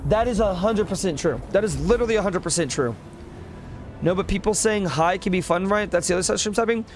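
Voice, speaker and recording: A young man chatting casually with viewers while streaming a game. He rambles in slang, swears often and laughs a lot. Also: on the high side.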